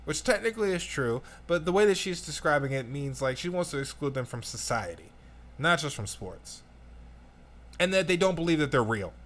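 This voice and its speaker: A man rants through his commentary on a video clip, turning to his listeners again and again. His voice sits a little high for a man and swings widely in pitch as he gets worked up. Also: normal speed. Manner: animated, ranting, addresses the audience. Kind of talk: casual reaction commentary.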